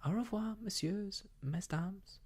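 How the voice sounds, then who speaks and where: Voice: mid-range voice, takes it slowly, a little mellow, slightly rough, pitched above the performer's own voice. A whispering storyteller voicing a cheerful young French waitress with a put-on French accent, in a whispered role-play. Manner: sing-song, lilting.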